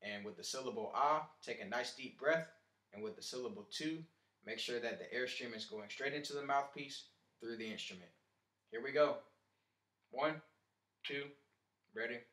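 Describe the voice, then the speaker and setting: A man teaching trumpet basics in a calm instructional lesson, walking through steps and counting the listener in. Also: medium pitch, fairly quick, reverberant. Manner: steady step-by-step instruction, counting in.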